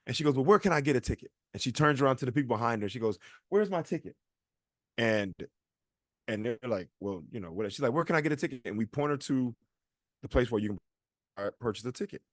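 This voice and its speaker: A podcast co-host with a medium-pitched voice tells a long story in casual conversation, acting out the people he quotes. The recording is clean studio sound with no room echo.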